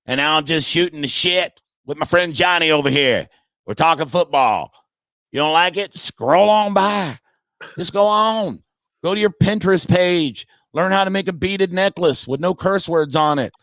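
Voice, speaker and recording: A man's voice: a little high, normal speed, fairly bright tone, no room sound. A man who works as a comedian, talking sports casually in a brash, profane way and mocking his critics. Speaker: comedian and podcast guest.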